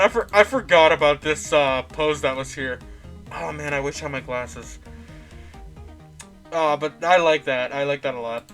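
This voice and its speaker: A man's voice: fairly high pitch, unhurried, fairly bright tone, faint music behind. Joking man reading game text. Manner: stumbles and self-corrects often, joking asides. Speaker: let's play host reading a visual novel.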